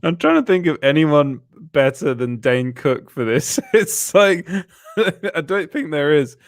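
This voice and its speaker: A man's voice: a little high, expressive, a little slow, dry recording, clean studio sound. Laughing, opinionated male podcast co-host. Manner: laughs often, opinionated and teasing. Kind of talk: casual chat.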